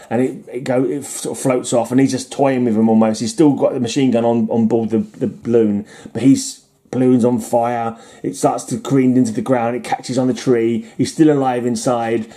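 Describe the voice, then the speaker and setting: A man's voice: medium pitch, dark tone. A man casually summarizing old comic stories, rambling with restarts and chuckles. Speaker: comic reviewer. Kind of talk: casual chat.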